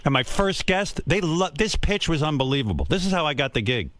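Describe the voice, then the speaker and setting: A man's voice: fairly high pitch, very animated, a little fast, fairly bright tone, no room sound. Brash older man, boastful radio host. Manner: brash, boastful, jumps into mocking voices. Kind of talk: crude comedic radio banter. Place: radio studio.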